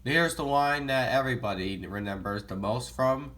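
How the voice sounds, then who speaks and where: A man's voice: medium pitch, moderate pace, a bit bright. Young male vlogger, mid-range voice, eager and rambling, casual delivery. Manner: enthusiastic, rambling, self-corrects often. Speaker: movie vlogger. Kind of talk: casual movie talk to camera.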